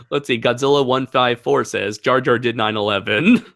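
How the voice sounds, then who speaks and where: A man's voice: medium pitch, normal speed, vocal fry, fairly bright tone. A young man hosting a casual livestream Q&A, rambling and laughing, with many fillers. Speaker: channel host.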